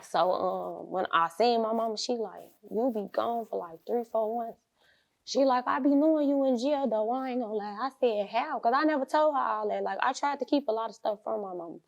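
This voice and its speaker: A woman's voice: fairly high pitch, a little fast, gravelly, highs cut off. A young woman, an interview guest, telling her life story bluntly in street slang and acting out the people she quotes.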